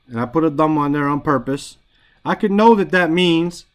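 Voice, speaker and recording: A man's voice: fairly high pitch, moderate pace. Man teaching Arabic grammar on a call. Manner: casual, explains in English and recites Arabic phrases, asks "right?" often. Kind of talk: online Quran grammar class.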